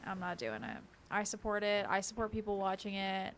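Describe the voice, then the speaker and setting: A woman's voice: medium pitch, animated, a little fast, a bit bright, slight background noise. A young woman streaming a horror game, chatting with viewers and reading in-game notes aloud. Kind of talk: casual game commentary with read-aloud notes.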